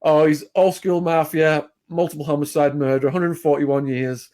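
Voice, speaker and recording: A man's voice: on the high side, steady tone, normal speed, a little mellow. An English man, a podcast guest, telling a long story in a blunt, plain-spoken way with fillers and restarts. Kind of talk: casual storytelling.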